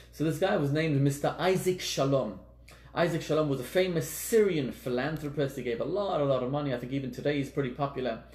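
A man's voice: medium pitch, a little mellow. A man teaching as a rabbi, giving an earnest lecture and repeating words for emphasis. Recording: echoey room.

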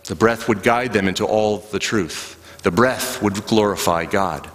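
Pastor preaching in a reverberant church. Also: male voice, fairly low pitch, a bit bright, slight background noise. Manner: slow, rhythmic storytelling with long pauses. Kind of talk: sermon. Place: church sanctuary. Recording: live church recording with long reverb.

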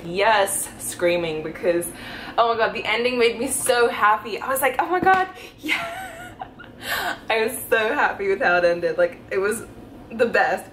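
A young woman talking casually in a reading vlog at home, excited and rambling, gushing with lots of fillers. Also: mid-range voice, slight background noise, low-quality recording. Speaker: book vlogger.

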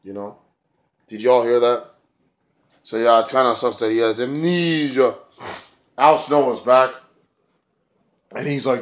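A man at an ordinary mid pitch rambles through a casual wrestling review, swearing freely and padding his talk with filler words. He sounds sick and snotty as he goes. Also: fairly even intonation, normal speed, long pauses. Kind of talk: casual spoken review vlog.

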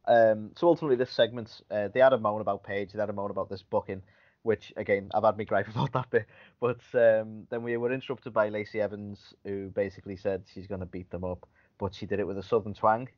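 A man's voice: fairly low pitch, fairly even intonation, fast talker. A man co-hosting a podcast, chatting casually about wrestling in a rambling, griping way. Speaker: podcast co-host. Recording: dull lo-fi podcast audio.

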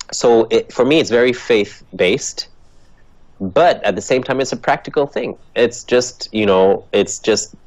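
Man guest, low voice, transatlantic accent, earnest and animated, dull dry recording. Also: no room sound. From Ethiopia. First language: Dutch. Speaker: guest, actor and comedian. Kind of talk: motivational interview answers.

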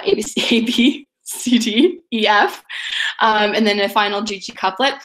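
Gravelly-voiced woman teacher, chatty. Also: mid-range voice, a bit bright, low-quality recording. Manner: chatty, filler-heavy, taps out rhythms. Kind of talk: recorded video lecture.

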